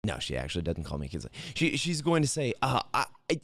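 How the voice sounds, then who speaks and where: Male host, morning motivational show, animated and high-ish, energetic, dry close sound. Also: fairly quick, no room sound. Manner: energetic, talks straight to viewers with many fillers and restarts.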